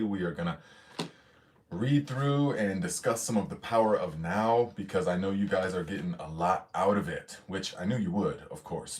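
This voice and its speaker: A man from the hosting a casual livestream, chatting loosely, reading out viewer comments and greeting them, slightly out of breath. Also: deep voice. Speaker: livestream host.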